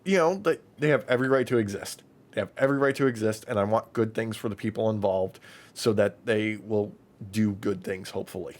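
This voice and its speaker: A man co-hosting a podcast in casual chat, excitedly recapping wrestling matches and swearing freely. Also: on the low side, a little fast. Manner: excitable, profane, recaps matches with acted-out quotes. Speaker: podcast co-host.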